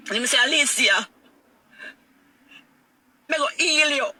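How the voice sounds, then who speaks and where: A woman's voice: high-pitched, moderate pace, pauses often, sharp tone, slight background noise. A middle-aged woman with a Jamaican accent, telling her own painful story in a raw, emotional way and repeating her phrases. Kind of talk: emotional personal testimony.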